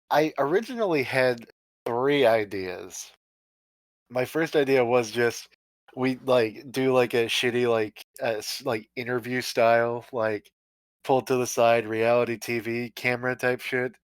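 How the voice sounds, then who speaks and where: A man's voice: medium pitch, a little slow, dry recording, poor audio. Male podcast guest: loose, profane, laughs a lot, close and dry sound. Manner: rambling, profane, laughs often. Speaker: guest musician. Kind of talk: casual podcast chat.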